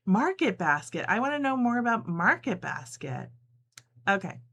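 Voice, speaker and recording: At a medium pitch with big swings, a fairly bright tone and a normal pace, a middle-aged New Jersey woman chats through a casual live sew-along. She laughs frequently and reads viewers' comments aloud while she sews.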